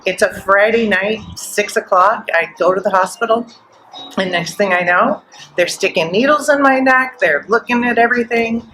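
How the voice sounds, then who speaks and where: A middle-aged woman guest at a live podcast event, telling her story in an animated way and acting out the voices she quotes. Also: medium pitch, moderate pace, slight background noise, low-quality recording.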